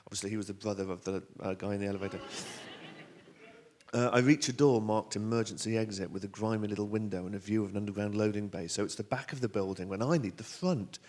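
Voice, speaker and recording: A southern English man reads his own novel aloud on stage, with a somewhat low voice. His storytelling is animated and wry, building tension while slipping in dry asides to the audience. The delivery is a lively live reading. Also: fast. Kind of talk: expressive reading of a novel excerpt. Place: theater stage at a bookstore event.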